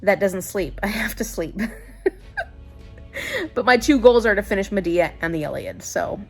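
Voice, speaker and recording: Young adult woman, book vlogger; casual, tired, giggly, mid-pitched, light music bed. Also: sing-song, unhurried, gravelly, slightly rough. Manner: chatty, laughs often, loose retelling with restarts. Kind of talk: casual vlog chat to camera.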